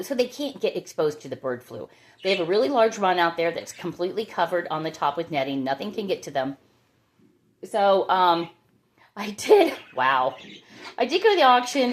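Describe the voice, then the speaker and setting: A middle-aged woman chatting casually and enthusiastically as she shows her orchids at home. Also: mid-range voice. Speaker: orchid grower. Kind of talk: casual chat while touring plants. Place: home with plants.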